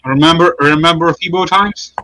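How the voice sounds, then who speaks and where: A man joining a podcast, loud, excited and playful. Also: a little high, normal speed, a crowd in the background, poor audio.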